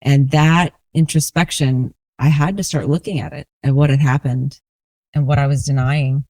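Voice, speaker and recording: A woman's voice: low-pitched, steady tone, normal speed, mellow, no echo. Woman, 40s, from New Orleans, earnest reflective storyteller, dry close sound. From New Orleans, USA. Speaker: guest, resilience coach. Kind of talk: candid personal storytelling.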